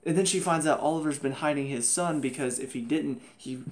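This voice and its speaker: A man rants his way through a casual TV review, sounding openly exasperated. His voice sits a little high for a man, and he keeps slipping into put-on voices to mock the characters. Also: brisk.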